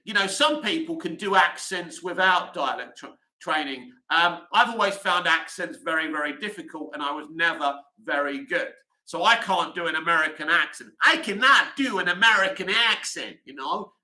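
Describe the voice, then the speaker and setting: A man's voice: high voice, bright, forceful tone, roomy sound, low-quality recording. A man hosting a casual livestream, rambling chattily with lots of "you know" fillers as he answers viewer comments. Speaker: livestream host.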